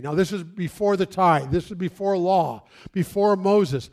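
High-pitched male pastor preaching outdoors, acts out his stories. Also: moderate pace, hardly any pauses. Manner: animated, acts out stories and quotes. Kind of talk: sermon. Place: outdoors near trees.

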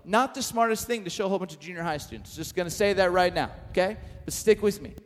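Speaking fast, a middle-aged preacher with a notably high-pitched voice animates a story during his sermon. He repeatedly slips in jokes at his own expense, while his voice echoes with long reverb through a large hall.

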